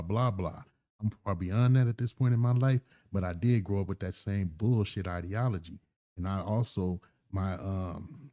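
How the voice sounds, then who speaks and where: A man's voice: deep voice, dark tone. A man hosting a commentary channel, talking bluntly and with heated profanity. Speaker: channel host. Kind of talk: casual commentary.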